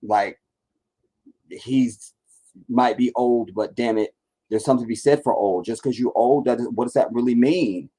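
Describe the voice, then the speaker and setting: A man's voice: medium pitch, moderate pace, dark tone, slightly rough, rough recording. A man giving casual live-stream political commentary in a blunt, rambling, profane rant.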